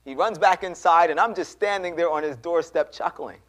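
A man preaching a sermon in a church, telling a story with animated delivery and acting out the dialogue. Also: a little high, brisk. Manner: animated, acts out dialogue, addresses congregation.

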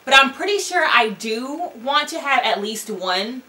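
A woman's voice: sits high, very animated, unhurried, pushed and bright. A young woman vlogger chatting candidly to camera in a casual, rambling way, full of likes and ums.

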